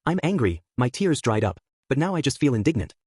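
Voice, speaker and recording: A man voicing a grieving female witch spirit who scolds gently but loudly, in a brisk audiobook reading. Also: medium pitch, big pitch swings, husky, no room sound, clean studio sound. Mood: indignant. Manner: scolding yet gentle, raised voice.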